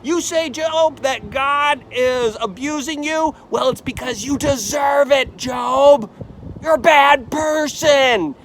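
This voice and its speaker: A man voicing a scornful, high-pitched accuser. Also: fairly bright tone, slight background noise, full character voice. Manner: accusing, emphatic. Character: scornful male accuser berating a suffering man.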